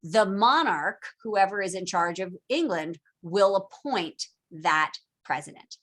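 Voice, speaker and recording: In a laid-back video-call lecture, a woman teacher chats animatedly and acts out historical figures through jokey quoted lines. Her pitch is medium, and she takes her time.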